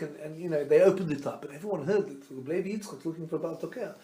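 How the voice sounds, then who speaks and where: A man, a rabbi, teaching a Torah class as an animated storyteller who quizzes his listeners and mixes Hebrew terms into his teaching. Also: fairly high pitch, quick pace, hardly any pauses. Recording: roomy echo.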